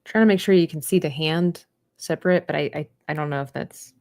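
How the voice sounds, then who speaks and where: A woman livestreams herself painting, chatting casually, rambling, and trailing off mid-thought. Her voice is deep and darkish, a little fast, recorded with studio quality and no echo.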